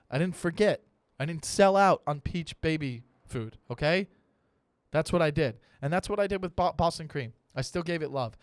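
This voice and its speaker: A man's voice: a little high, smooth, no echo. Ranting comic man in his thirties. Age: 30s. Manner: animated, profane ranting with mock-serious pep talks. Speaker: comedian podcast host. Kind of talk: comic solo monologue.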